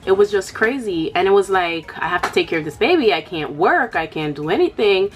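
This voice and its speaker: A woman's voice: mid-range voice, expressive, brisk, noisy background. A young woman talking frankly and casually to camera about her own life, leaning on "like" and "you know". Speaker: vlogger. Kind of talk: candid personal chat.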